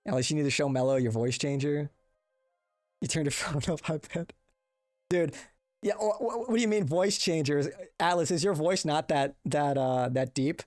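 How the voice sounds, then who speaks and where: Speaking at a moderate pace in a somewhat high voice, a young man runs a laid-back livestream, swearing and rambling as he responds to chat. The sound is clean and studio-like with no echo, picked up by a compressed desk mic, and faint music sits behind him.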